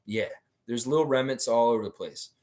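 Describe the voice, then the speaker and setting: A man's voice: medium pitch, fairly quick, darkish tone. A man hosting a casual sports livestream, reading viewer comments aloud and answering them bluntly, swearing freely. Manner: talks about himself in the third person.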